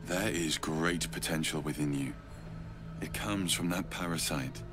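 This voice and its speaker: A man's voice: very deep voice, measured pace. An actor voicing a mysterious, protective young male guardian who speaks earnestly and reassuringly in video game dialogue. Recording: game music behind the voice.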